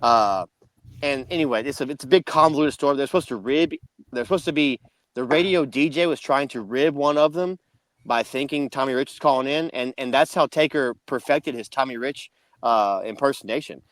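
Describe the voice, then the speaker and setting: A podcast co-host with a mid-range voice speaks briskly as he rambles through a long story, often backing up to restart. No room sound comes through.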